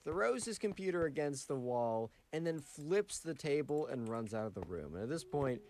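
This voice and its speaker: A man's voice: a little high, sing-song, normal speed, very noisy. Chatty young-sounding man telling a story. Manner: chatty, fillers like "like" and "right". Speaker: storytelling channel narrator. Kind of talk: casual storytelling.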